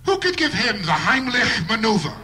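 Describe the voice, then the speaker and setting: A man's voice: sits high, very animated, normal speed, pushed and bright, slight background noise. A man doing a live stand-up routine with a wry observational delivery and bursts of mock outrage. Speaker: stand-up comedian.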